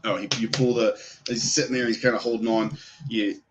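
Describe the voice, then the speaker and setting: A man's voice: fairly low pitch, little pitch movement, fairly quick, muffled recording, background noise. A man narrating as game master in a loose, rambling way with many fillers.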